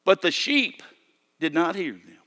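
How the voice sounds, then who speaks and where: A man's voice: sits high, big pitch swings, a little slow, bright, forceful tone. An older man preaching a sermon, repeating and restarting his phrases and calling for amens. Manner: repetitive, stammering restarts, calls for amen.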